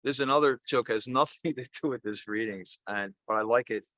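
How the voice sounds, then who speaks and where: Older priest, chatty homily with jokes, dry close sound. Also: male voice, medium pitch, a little fast, fairly bright tone, no room sound. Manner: conversational, rambling, self-correcting. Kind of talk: sermon with jokes and storytelling.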